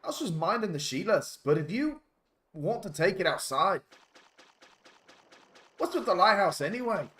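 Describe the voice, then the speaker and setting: A man's voice: high voice, big pitch swings, moderate pace, pauses often, bright, forceful tone, voice pushed up, full character voice. A man voicing a brash, rowdy male dolphin with an exaggerated broad Australian accent, slangy and blustering. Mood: belligerent. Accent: Australian, put on.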